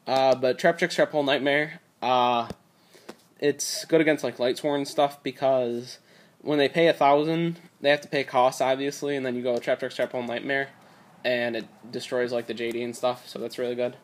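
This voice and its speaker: A man's voice: mid-range voice, steady tone, normal speed, a little hiss or hum. Young male hobbyist, casual rambling delivery, slightly strained voice, tablet recording. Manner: rambling, many fillers and "like". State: strained voice from talking a lot. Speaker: card game deck reviewer. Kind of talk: casual deck profile talk.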